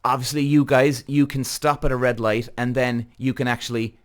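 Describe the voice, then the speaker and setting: A man's voice: medium pitch, steady tone, normal speed. A man with an Irish accent, a podcast host telling a heated story straight to his viewers, swearing freely. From Ireland. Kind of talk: animated storytelling rant.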